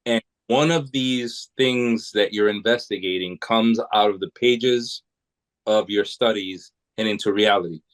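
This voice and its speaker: This podcast guest, a New England man, rambles through lengthy anecdotes with many restarts in a casual storytelling style. His voice is lowish and a little slow, and the audio is rough.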